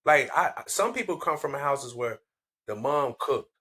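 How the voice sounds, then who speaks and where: Bright-voiced blunt man on a podcast. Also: mid-range voice, measured pace. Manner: blunt, profane, animated storytelling. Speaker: podcast co-host. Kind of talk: casual chat.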